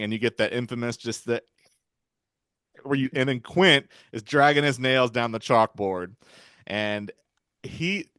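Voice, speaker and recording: A man's voice: fairly low pitch, fairly bright tone, smooth, dry recording, studio quality. A man in casual podcast chat about a film, retelling scenes and acting out the characters' lines. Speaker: podcast guest.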